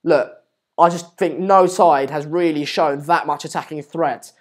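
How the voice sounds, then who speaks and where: A man hosts a live football watchalong, chatting casually, reading out viewer comments, and rambling with repeated words and phrases. His voice is a little high, with a steady tone and an unhurried pace.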